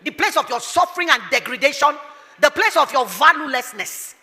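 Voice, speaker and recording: A woman's voice: sits high, expressive, a little fast, pushed and bright, long reverb tail. A woman pastor preaching emphatically, firing rhetorical questions and telling stories. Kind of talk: sermon.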